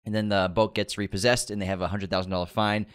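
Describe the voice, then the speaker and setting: A man's voice: lowish voice, level tone, quick pace, clear, resonant tone. A man co-hosting a casual movie news podcast, rambling and wry, laughing often. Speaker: podcast co-host.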